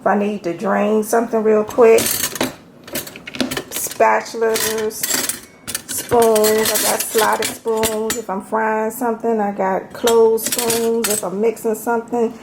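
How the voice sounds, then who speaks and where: A woman's voice: fairly high pitch, flat delivery, slow pace, noisy background. A woman from Maryland giving a chatty home tour of her kitchen, talking straight to her viewers as y'all. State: out of breath. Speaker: home organization vlogger. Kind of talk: casual home tour vlog.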